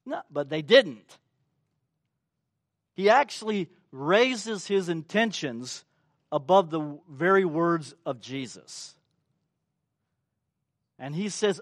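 Male pastor, sermon, slow measured delivery, dry recording, acts out quotes. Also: fairly high pitch, dry recording. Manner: animated, acts out quotes, asks the congregation questions.

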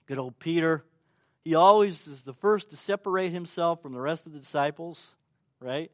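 In a dry recording, a man with a fairly high voice preaches animatedly at a moderate pace. Along the way he acts out quotes and asks his congregation questions.

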